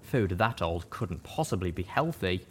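A man giving a first-person audiobook narration with steady storytelling. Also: low voice, unhurried, a little hiss or hum.

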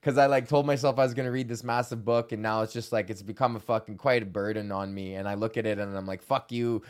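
A man's voice: fairly low pitch, steady tone, fast. A young man from Canada hosting his own podcast, rambling casually while stoned, swearing a lot and laughing often. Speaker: podcast host.

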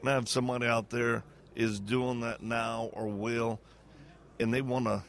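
A gravelly-voiced man hosting a casual interview. His voice sits in the middle range with plenty of fry. He talks in a loose, chatty way, with quick asides and reactions. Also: medium pitch, flat delivery, fairly bright tone. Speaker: host.

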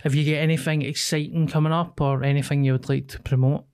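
A man's voice: a little high, level tone, quick pace, a little mellow. A man co-hosting a podcast, teasing the guest in casual chat. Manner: teasing, laughing between lines. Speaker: podcast co-host.

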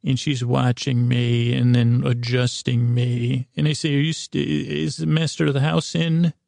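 A man narrating a rambling, comedic bedtime story in a halting, deadpan way, full of restarts and asides. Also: medium pitch, creaky, no echo. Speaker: podcast storyteller.

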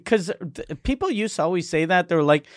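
Man, slightly high voice, halting casual talk, dry close sound. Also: expressive, no echo. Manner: halting, restarts often. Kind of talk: casual chat.

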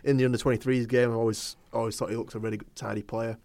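Male co-host, quick and opinionated, mid-pitched, dry close recording. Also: level tone, darkish tone, no echo. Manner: chatty, laughs often, opinionated. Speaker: podcast co-host. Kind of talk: casual football podcast chat.

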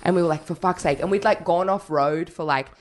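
A woman, casually telling animated, swear-laden stories in a chat. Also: on the low side, brisk. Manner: animated storyteller, swears freely.

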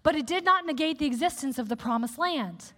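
A woman preacher giving a sermon in a candid, conversational, animated way. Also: high voice, a little fast. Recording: echoey hall with long reverb.

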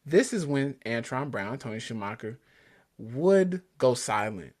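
A man's voice: mid-range voice, measured pace. Eager podcast guy chatting casually, voice bouncing all over, keeps restarting his sentences. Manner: excitable, enthusiastic, stumbling restarts. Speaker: podcast co-host. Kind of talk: casual chat about drag racing.

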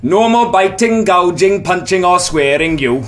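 A man putting on a loud stern Welsh referee. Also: high voice, expressive, measured pace, pitched above the performer's own voice.

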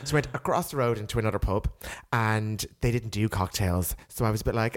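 A young man with an Irish accent, telling a story on a podcast in a lively, sweary way and acting out what people said. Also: fairly low pitch, a little fast, hardly any pauses. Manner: animated, sweary, acts out quotes. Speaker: podcast co-host. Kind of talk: casual chat, storytelling.

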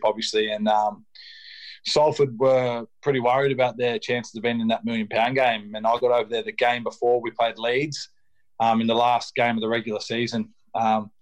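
A young Australian man, a rugby league player, talking casually as an interview guest with a laid-back, filler-heavy delivery. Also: medium pitch.

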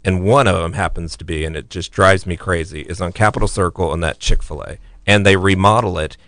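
A man co-hosting a casual talk show, venting about traffic and letting his sentences fade off quietly. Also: deep voice, steady tone, brisk, no echo. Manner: ranting, trails off quietly at ends. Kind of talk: casual radio chat.

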